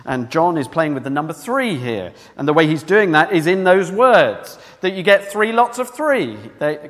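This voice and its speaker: Animated preacher in a reverberant hall. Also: male voice, a little high, a little slow, hardly any pauses. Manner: conversational, animated, asks the congregation questions. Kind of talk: sermon.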